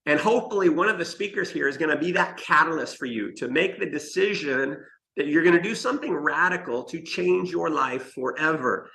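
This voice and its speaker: Gravelly, bright-voiced motivational man. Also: a little high, rough recording. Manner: emphatic storyteller who speaks straight to the listeners. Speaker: motivational speaker. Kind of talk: motivational talk to an online summit audience.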